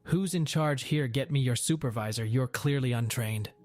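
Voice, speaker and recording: A pushy, entitled middle-aged woman barks orders in a storybook retelling, as a male narrator puts her on. Her voice rises shrill and demanding. Faint music plays behind her. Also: moderate pace, darkish tone.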